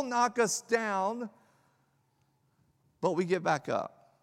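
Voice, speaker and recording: A man's voice: drawn-out words, long pauses. Preaching man in a reverberant hall. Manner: dynamic preaching, swinging from loud emphatic peaks to hushed low lines. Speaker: pastor. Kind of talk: sermon. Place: church hall.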